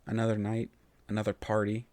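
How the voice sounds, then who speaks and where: A man narrating a first-person story in an expressive, melodic reading voice. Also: lowish voice, brisk, no echo.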